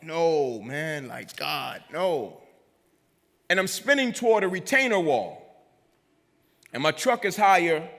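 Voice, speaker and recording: A man giving a motivational keynote, telling his story dramatically and using repetition to build tension, with sudden drops to a hush. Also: high-pitched. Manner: builds intensity with repetition, swings between loud and hushed. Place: large event venue on stage. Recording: long reverb of a big live hall.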